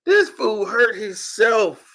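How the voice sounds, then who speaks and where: A man giving casual, ranting sports commentary as a vlogger, mocking and animated, laughing often. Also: high-pitched, slow pace.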